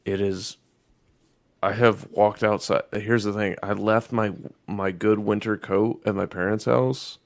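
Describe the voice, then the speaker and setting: A man's voice: lowish voice, flat delivery, measured pace, gravelly, no echo. A man chatting casually as a podcast co-host, ranting sarcastically and swearing a lot. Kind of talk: casual chat.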